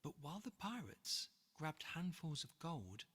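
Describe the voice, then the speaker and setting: An author reading their own rhyming picture book aloud in a lively, rhythmic way. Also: mid-range voice, measured pace, slightly rough. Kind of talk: rhyming storybook read-aloud. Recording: long reverb, faint music behind.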